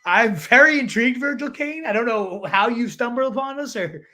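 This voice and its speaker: A man with a notably high-pitched voice hosts a loose fantasy football livestream. He reads viewer questions aloud and answers in rambling, halting bursts, restarting his sentences and leaning on fillers. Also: expressive, sharp tone. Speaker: fantasy football show host. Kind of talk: casual livestream chat.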